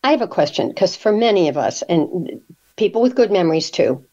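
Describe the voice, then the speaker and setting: A woman with a fairly low voice hosts an interview show. She asks questions in an easy, conversational way and adds her own stories. Her voice comes through a dull, lo-fi line. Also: big pitch swings, brisk, dark tone. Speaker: radio show host.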